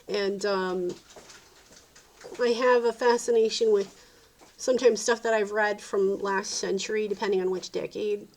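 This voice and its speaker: A woman's voice: mid-range voice, steady tone, unhurried, a little mellow. A woman from the South Jersey and Philadelphia area in a rambling, opinionated vlog monologue, often calling things dumb. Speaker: vlogger.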